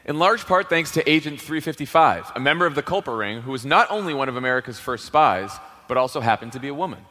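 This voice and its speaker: Lively comedy panelist with a bright voice. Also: male voice, medium pitch, fast talker, long reverb tail. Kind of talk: comic storytelling.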